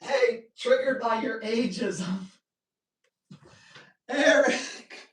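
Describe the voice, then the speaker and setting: Man, live-stream host, animated storyteller, joking asides, roomy echo, sits back from the mic. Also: sits high, normal speed. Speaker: dog trainer hosting a live Q&A. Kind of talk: casual live-stream talk. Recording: echoey room, distant mic.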